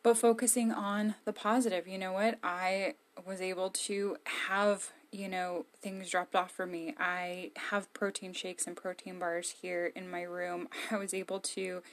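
A woman's voice: lowish voice, flat delivery, measured pace, few pauses. A woman giving casual, emphatic encouragement to camera from her own room. She is candid and blunt. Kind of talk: casual motivational talk to camera.

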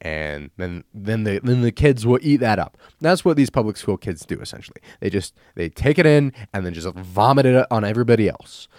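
Animated male podcast host. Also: fairly low pitch, fairly quick, hardly any pauses, dry recording, clean studio sound. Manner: animated, storytelling. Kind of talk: casual opinion rant.

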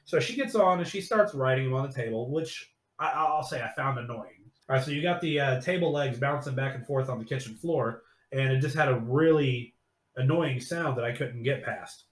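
A man hosting a podcast, retelling a scene in casual chat as an animated storyteller who swears freely. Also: mid-range voice, moderate pace. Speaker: podcast host. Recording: echoey room.

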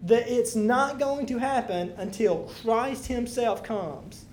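A woman's voice: fairly high pitch, slow, a little mellow, slight background noise. A woman leading a Bible study, reading scripture aloud with emphasis and then explaining it in loose, casual talk to a room of listeners.

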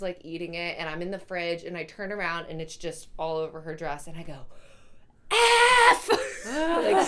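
A young pregnant woman in casual chat, telling a long story with plenty of "like" fillers. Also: on the low side. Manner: rambling, filler-heavy storytelling.

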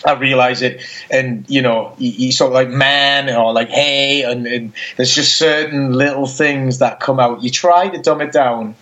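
A man's voice: medium pitch, steady tone, moderate pace, hardly any pauses, fairly bright tone. Co-host, male, loose and profane, laughs easily, dull call audio. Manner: swears freely, laughing and egging others on. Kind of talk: casual chat. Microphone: remote call.

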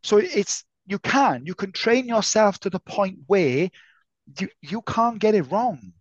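A man co-hosting a casual martial arts podcast, an animated storyteller who swears freely and acts out voices. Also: sits high, unhurried, no echo, muffled recording. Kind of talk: casual chat.

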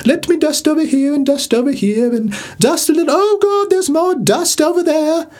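A shrill, fussy customer frets over every choice, put on by a man. The voice is high and squeaky, dithering back and forth, as though heard a little off the mic. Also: moderate pace, a little mellow.

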